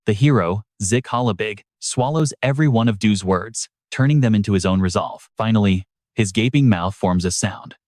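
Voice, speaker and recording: A man's voice: lowish voice, moderate pace, darkish tone, no echo, clean studio sound. A man narrating a story recap in a dramatic, scripted storytelling manner. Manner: dramatic storytelling with brief voiced quotes.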